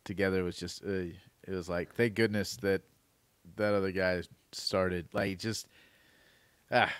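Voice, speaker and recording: A man on a movie podcast chimes in with short, quiet, agreeable remarks. His voice sits fairly low and sounds dry and close to the mic. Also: fairly even intonation, unhurried, smooth, no echo. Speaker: podcast co-host. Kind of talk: casual movie discussion.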